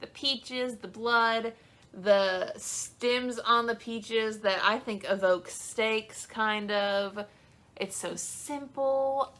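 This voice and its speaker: A woman's voice: a little high, extremely slow, a bit bright. A young woman talking about books in a casual video, chatty and gushing, with lots of "um" and "like". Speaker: book vlogger. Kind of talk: casual chat.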